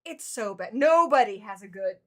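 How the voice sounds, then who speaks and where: A woman co-hosting a live horror movie review, giving quick background with wry, sarcastic asides. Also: fairly high pitch, animated.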